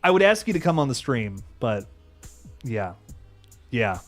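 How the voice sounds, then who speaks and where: With a medium-pitched, very animated voice that moves a little slowly, a young man chats casually on his horror livestream. He swears frequently and keeps restarting, while faint music runs in the background.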